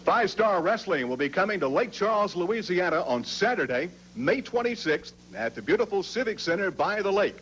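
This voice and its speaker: A man's voice: high-pitched, sing-song, moderate pace, few pauses, a bit bright, muffled recording, slight background noise. A man reading scripted promotional announcements for a televised wrestling show.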